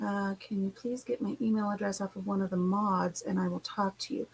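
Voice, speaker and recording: A woman's voice: mid-range voice, level tone, brisk, creaky, husky, no echo, rough recording. A middle-aged woman, chatting casually and rambling with her viewers as host of her channel. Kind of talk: casual livestream chat.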